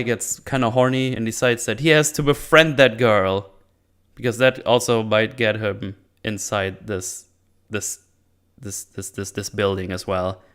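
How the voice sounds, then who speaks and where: A man with a smooth, resonant voice at an ordinary pitch talks through a movie plot as if chatting with friends. He rambles and swears freely, restarting sentences as he goes. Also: fairly bright tone. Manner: rambling, profane, with frequent restarts. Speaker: movie review channel host. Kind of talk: casual movie recap.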